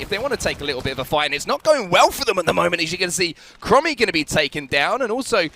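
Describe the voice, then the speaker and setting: Fast bright-voiced male esports caster. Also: sits high, big pitch swings, creaky, slight background noise. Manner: upbeat, hyping the audience. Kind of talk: play-by-play commentary.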